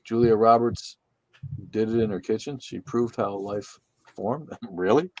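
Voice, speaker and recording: A man with a somewhat low voice runs a casual livestream from his room, reading viewer comments and firing back sarcastic, swearing jokes. The sound is dry and close, with no room echo. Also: measured pace, a little mellow. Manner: sarcastic, joking, swears freely. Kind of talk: casual profane livestream chat.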